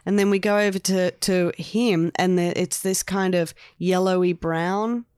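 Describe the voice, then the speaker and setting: A woman's voice: on the low side, steady tone, darkish tone, smooth, dry recording, clean studio sound. A woman, co-hosting a podcast, reviewing a TV show in casual chat with jokey asides. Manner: chatty, jokey, quick asides. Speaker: podcast co-host.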